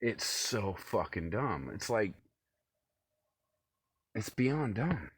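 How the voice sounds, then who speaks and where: A low, husky male voice rants alone into the camera, profane and agitated, lurching from shouted outbursts back down to grumbling mutters. The sound is close and dry, with no room echo. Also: big pitch swings, drawn-out words. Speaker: vlogger. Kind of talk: rambling solo rant to camera. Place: cold room at home.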